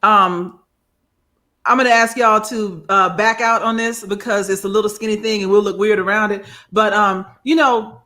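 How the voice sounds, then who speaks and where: A woman co-hosting a panel talk show, giving animated, sassy commentary. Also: medium pitch, normal speed. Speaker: co-host.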